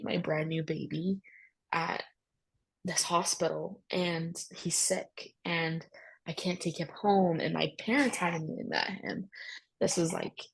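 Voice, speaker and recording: Young woman guest, low and husky with some fry, candid and casual, lots of fillers. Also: rough recording. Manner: candid, talks in bursts with many fillers. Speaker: guest sharing her story. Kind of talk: casual personal storytelling.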